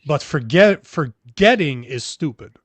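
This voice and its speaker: Male show host from Canada, fairly high voice, blunt and argumentative, dry close sound. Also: expressive, unhurried, no room sound. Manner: blunt, argues with hypothetical examples. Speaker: podcast host. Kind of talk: casual chat.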